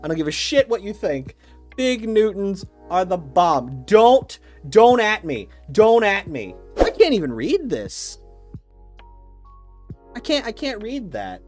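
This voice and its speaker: A man's voice: high-pitched, wildly swooping pitch, measured pace, a little mellow, faint music behind. A man ranting casually and with mock certainty, swearing a lot and rambling through restarts. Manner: opinionated, profane, mock-dogmatic. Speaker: YouTuber ranking snacks.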